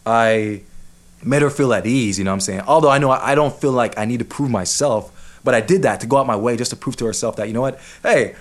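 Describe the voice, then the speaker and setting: A man's voice: medium pitch, fast. A man casually telling a personal story, heated and swearing often, with many restarts.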